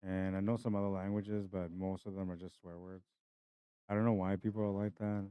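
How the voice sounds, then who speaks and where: A man's voice: low voice, level tone, fairly quick, clear, resonant tone, no echo. A young man giving casual live-stream commentary on a pool match, chatty and laughing as he greets viewers by name. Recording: dry, slightly dull stream audio.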